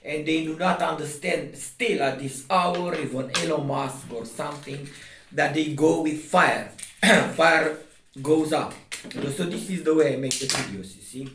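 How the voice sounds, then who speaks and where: A video host explains something casually to the camera from across a roomy space, so the recording has a spacious echo and sounds distant from the mic, with a slight hiss or hum. His voice is a little high, and he's insistent, repeating himself and restarting often.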